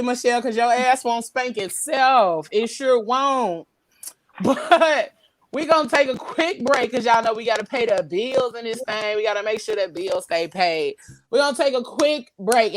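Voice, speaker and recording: A woman's voice: a little high, no echo. A woman hosting a podcast in casual livestream chat, slangy and candid, laughing often as she reads comments. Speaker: podcast host.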